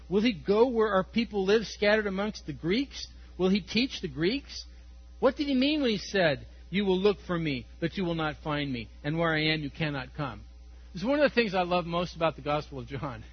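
A man preaching a Sunday sermon, reading scripture and speaking with animated emphasis, often chuckling, then dropping to quiet, earnest tones. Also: high voice, slightly rough, highs cut off. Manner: animated, laughs often, swings between loud emphasis and quiet intensity. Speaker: pastor.

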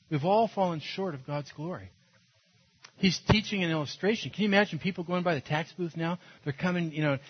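A man preaching a sermon, telling a Bible story with animated, swooping delivery and little acted-out voices. His voice is slightly husky and a bit high for a man. The recording sounds dull and lo-fi. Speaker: pastor.

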